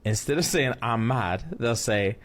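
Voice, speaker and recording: Slow, laughing man sharing funny sayings. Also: mid-range voice, noisy background. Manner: laughing, relaxed storytelling. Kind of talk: casual comedic reaction chat.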